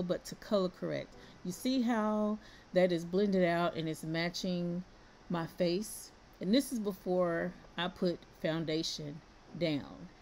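Lady talking thru her makeup routine, lowish voice, little soft music under it. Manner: chatty, laughs often, addresses viewers as y'all. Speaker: beauty vlogger. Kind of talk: casual makeup tutorial voice-over.

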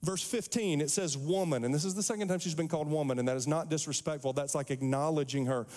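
A man pastor preaching a sermon, animated, acting out the quotes from scripture. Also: fairly high pitch, quick pace. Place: church sanctuary. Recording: long hall reverb.

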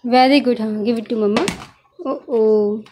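A woman's voice: on the high side, fairly even intonation, dark tone, slight background noise. A young mother patiently teaching her toddler animal names, praising and prompting with questions. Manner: slow, coaxing, praising, asks prompting questions.

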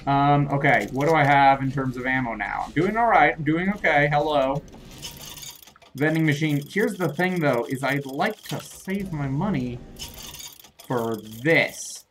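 Flustered young gamer talking to himself. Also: male voice, a little high, a bit bright. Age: young adult. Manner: flustered, rambling self-talk, quick to laugh off his own mistakes; scolds enemies in a jokey way. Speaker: gamer playing through a shooter. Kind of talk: let's play commentary.

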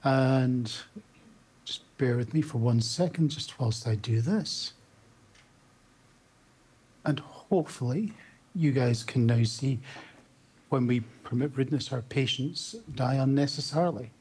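A man's voice: mid-range voice, unhurried, pauses often, a little mellow, breathy edge. A Scottish man in his fifties, an emergency doctor telling candid stories in a conference keynote over a video call. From Scotland. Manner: candid, anecdotal, with small restarts. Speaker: emergency medicine doctor giving a conference talk. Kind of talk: storytelling keynote talk.

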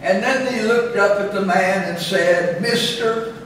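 A man preaching a sermon as pastor, slow and deliberate, lifting his voice on scripture readings. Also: high voice, a bit bright. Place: church chapel. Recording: echoey chapel from a distance, faint room noise.

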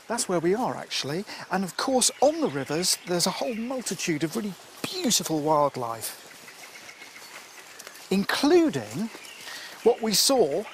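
A man presenting wildlife outdoors by a river, explaining with enthusiasm and sometimes dropping his voice to a hush. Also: high voice, big pitch swings, measured pace, a little hiss or hum. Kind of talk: outdoor nature presenting to camera.

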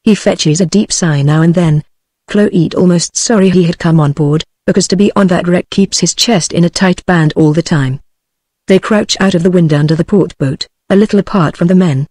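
A woman's text-to-speech voice with a British English accent, reading an audiobook in an even, synthetic manner. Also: fairly low pitch, moderate pace, dry recording. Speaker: narrator. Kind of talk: audiobook narration.

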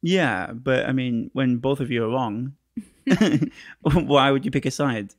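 A man's voice: medium pitch, slow pace, no room sound, clean studio sound. A man from England co-hosting a podcast in casual chat, teasing and laughing at his own jokes. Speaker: podcast co-host.

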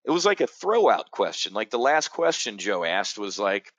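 A man's voice: fairly low pitch, very animated, normal speed, fairly bright tone, no echo. A man hosting a live options-trading brief from a studio chair, talking straight to camera in brash, boastful sales patter. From United States. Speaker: trading educator. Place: indoor studio, seated facing camera.

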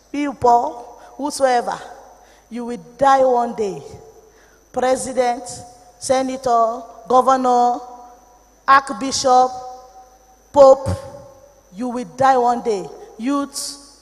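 A Nigerian woman preaches with fierce passion, her voice sitting high as she drops into grave warnings and then rises into shouted rebukes. The sound rings with a long echo, as if she is in a large church hall. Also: steady tone, slow pace, long pauses. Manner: impassioned, swings between low warnings and shouted rebukes. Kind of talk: sermon.

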